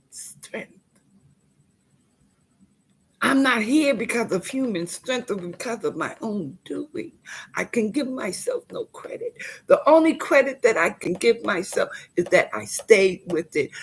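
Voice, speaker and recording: A woman's voice: mid-range voice, husky. A woman making an impassioned, preachy appeal straight to her viewers, calling them y'all and sometimes dropping to a whisper. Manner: drops to a whisper at times. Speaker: tenant speaking out. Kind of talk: impassioned direct-to-camera appeal.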